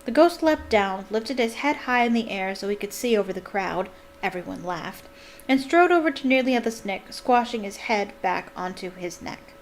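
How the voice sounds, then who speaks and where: A woman reads a novel aloud with dramatic, expressive emphasis. Her voice sits at a middle pitch. A faint hiss runs under the recording. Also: moderate pace, rough recording. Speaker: reader. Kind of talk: expressive audiobook reading.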